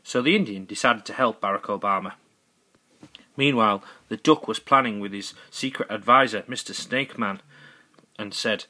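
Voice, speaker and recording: A man's voice: fairly low pitch, moderate pace, bright, forceful tone. A man improvising a goofy, rambling comic story as narrator, correcting himself as he goes.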